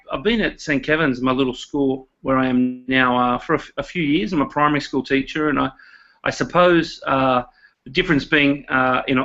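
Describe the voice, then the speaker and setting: A man with an Australian accent, a primary school teacher talking casually as a guest over a video call, with many fillers and restarts. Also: mid-range voice. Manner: relaxed, many fillers and repeated words. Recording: dull lo-fi video call audio.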